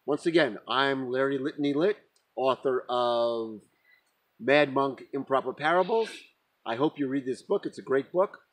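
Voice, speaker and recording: A man who is an author, telling a spiritual parable in a slow, deliberate way. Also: mid-range voice, rough recording. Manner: slow, deliberate, breaks into laughter. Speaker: author and storyteller. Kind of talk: spoken parable storytelling.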